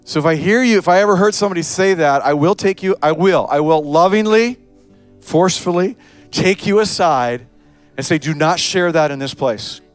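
A male pastor with a high-pitched voice preaches with lively energy. He jumps into quick character voices to make his point. Soft music plays faintly behind him. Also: smooth, no echo. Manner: animated preaching, acts out voices of parents, children and Jesus. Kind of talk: sermon.

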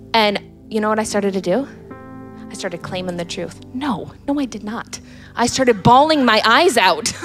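A woman in her thirties telling a candid personal faith story. She laughs often and restarts her sentences. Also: medium pitch. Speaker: guest sharing a personal story.

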